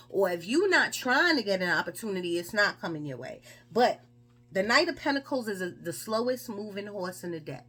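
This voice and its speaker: A woman gives a casual tarot reading. She talks in a chatty, emphatic way and fires off rhetorical questions. Her voice sits at an ordinary middle pitch. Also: fairly bright tone. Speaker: tarot reader.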